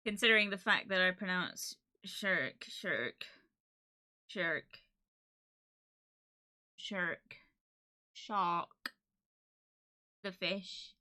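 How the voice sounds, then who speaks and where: A woman's voice: on the low side, drawn-out words, long pauses, sharp tone. A woman from Cornwall chatting casually and giggling while streaming a game. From Cornwall, England. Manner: giggly, playful.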